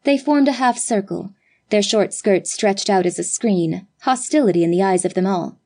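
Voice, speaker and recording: A woman narrates an old-fashioned story with a measured, expressive delivery. Her voice is mellow and warm rather than bright. She sits in the middle of the usual range for pitch. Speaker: audiobook narrator.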